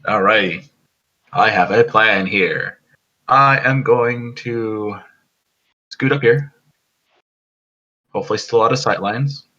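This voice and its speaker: Playful, laughing man with a husky voice. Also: fairly low pitch, slow pace, long pauses, sharp tone, muffled recording. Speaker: player. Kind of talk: tabletop game play.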